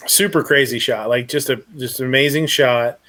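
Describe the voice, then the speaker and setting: A man's voice: mid-range voice, normal speed, pushed and bright. A man hosting a casual live chat show, rambling with lots of fillers and blunt opinions. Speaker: podcast host.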